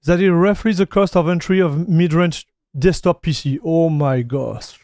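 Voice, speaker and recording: High-voiced Frenchman chatting on stream. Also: normal speed, a little mellow, no room sound, studio quality. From France. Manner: laid-back, says "dude" a lot, reads chat aloud. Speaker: tech streamer. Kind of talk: casual live-stream chat.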